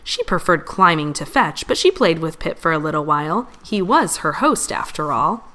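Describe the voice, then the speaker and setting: A woman reading a children's storybook aloud, gentle and expressive. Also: low-pitched, moderate pace. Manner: gentle, expressive, lively voice changes for characters. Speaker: storybook reader.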